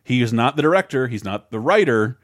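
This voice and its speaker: A man's voice: mid-range voice, expressive, a little fast, no room sound, clean studio sound. A man in his thirties co-hosting a podcast in casual chat, rambling and swearing with many restarts. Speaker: podcast co-host.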